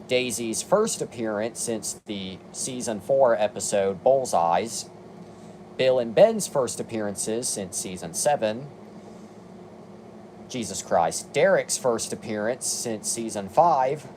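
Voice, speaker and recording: A man's voice: medium pitch, measured pace, darkish tone, slight background noise. A young man giving casual review commentary, reading long lists with dry, exasperated asides. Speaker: video commentator.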